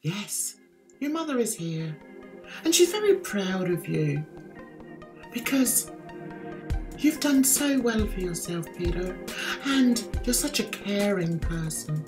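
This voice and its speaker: A woman imitating a female psychic who speaks in slow, hushed, soothing reassurances. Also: medium pitch, very animated, music in the background, pitched below the performer's own voice.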